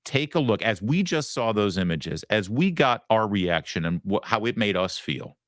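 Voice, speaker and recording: A man's voice: lowish voice, sing-song, normal speed, no echo, studio quality. A male host giving sarcastic, emphatic commentary on news clips. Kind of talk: opinionated commentary.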